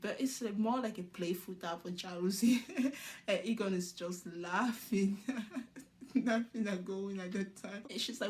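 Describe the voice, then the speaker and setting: Recapping an episode of a show, a woman speaks unhurriedly in a mid-range voice with a darkish tone. Her commentary is casual, full of laughter, and she performs cast members' lines in quotes as she goes.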